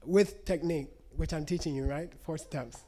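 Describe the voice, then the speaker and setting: A man's voice: fairly high pitch, normal speed, dark tone. A man giving a live lecture to an audience, teaching in a conversational way and checking in often with "okay?". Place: lecture room.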